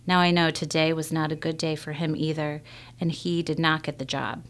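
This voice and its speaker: A woman reading a children's novel aloud in a measured first-person storytelling manner. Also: sits low, flat delivery. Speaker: reader.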